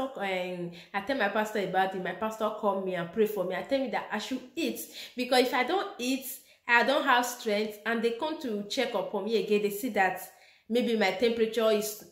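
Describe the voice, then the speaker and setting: A woman's voice: fairly high pitch, moderate pace. A young woman, telling a personal story in a casual vlog and laughing often as she talks. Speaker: vlogger. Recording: echoey room.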